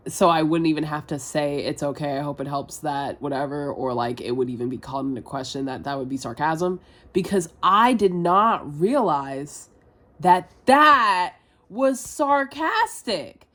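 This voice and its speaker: A young woman talks through a confessional vlog in a fairly low voice. She rambles and doubts herself out loud, stacking filler words and casual swearing as she goes. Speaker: vlogger.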